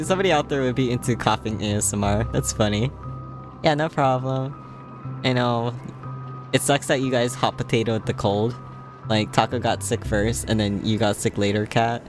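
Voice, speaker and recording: A man's voice: medium pitch, moderate pace. A tired man hosts a late-night game stream, his voice sitting in an average range. He keeps giggling and teasing his viewers in a casual, playful way. Game music plays behind him. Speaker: livestream host.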